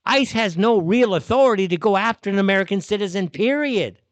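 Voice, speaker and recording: A male host delivers a heated, profane live rant, sounding exasperated at every turn. His voice sits a little high and leaps around in pitch. The sound is dry and close. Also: expressive, brisk, dry recording, muffled recording. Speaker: show host. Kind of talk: ranting live commentary.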